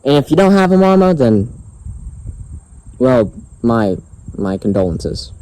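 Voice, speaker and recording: A man's voice: mid-range voice, very animated, measured pace, long pauses, warm tone, rough recording. A young man vlogging outdoors, telling a story in a profane, exasperated and sarcastic rant. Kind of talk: ranting storytime vlog.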